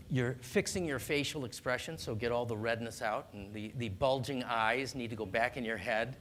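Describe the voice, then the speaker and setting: Male doctor, mid-pitched, calm and instructive, faint low rumble behind. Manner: calm, earnest, instructive, with small restarts. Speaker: doctor giving parenting advice. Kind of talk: explanatory talk on child discipline.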